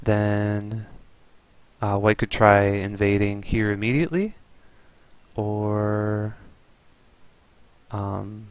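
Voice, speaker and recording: A man's voice: on the low side, fairly even intonation, extremely slow, long pauses, clear, resonant tone, no echo. A man giving an easygoing, explanatory review of a Go game as a teacher.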